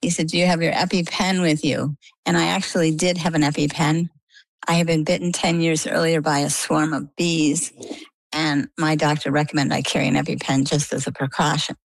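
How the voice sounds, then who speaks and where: An older woman with a low voice that has a gravelly edge. She is an interview guest telling her story in a chatty, lively way and acting out what people said to her. The sound is close and dry. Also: fairly quick, no echo. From coastal Maine. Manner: chatty, vivid retelling with quoted dialogue. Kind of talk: conversational storytelling.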